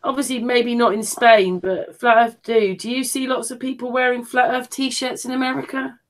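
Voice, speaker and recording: Woman, slightly high voice, curious, lots of questions, casual host chat. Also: flat delivery, normal speed, low-quality recording. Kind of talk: casual group call chat.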